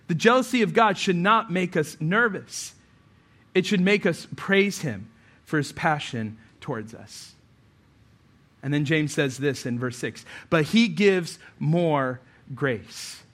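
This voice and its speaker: A male pastor delivers a sermon in a high, ringing voice. He swings from intense, rising appeals to loose, joking asides full of fillers. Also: fairly bright tone.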